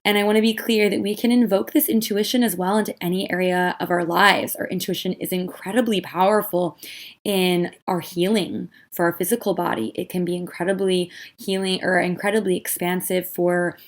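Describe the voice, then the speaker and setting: A woman's voice: on the low side, fairly even intonation, fairly quick. A young woman hosting a spiritual podcast, talking earnestly and loosely with lots of "you know" fillers. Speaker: podcast host. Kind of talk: casual podcast talk.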